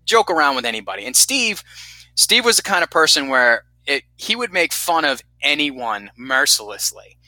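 A man in his thirties from Vermont casually telling animated, profane stories about his army days. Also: a little high, normal speed, no echo, rough recording. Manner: profane, animated storyteller who acts out quotes. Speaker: guest telling war stories. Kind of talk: casual storytelling.

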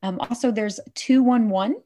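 A middle-aged woman from Oklahoma, a suicide prevention worker, talking as an interview guest in a lively way that checks in with "right?" and acts out quotes. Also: fairly high pitch, normal speed. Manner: animated, says "right?" often, acts out quotes. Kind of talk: conversational interview.

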